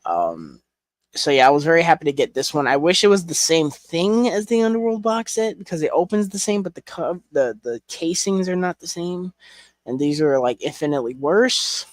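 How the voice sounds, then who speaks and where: A man's voice: on the high side, expressive, moderate pace, no room sound. A young man chatting casually as a collection reviewer, rambling with fillers and frank swearing. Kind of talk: casual chat.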